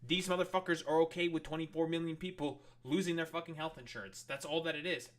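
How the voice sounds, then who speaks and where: A man's voice: on the high side, fairly even intonation, fast. A man streaming, reacting to political news clips with angry, profane commentary.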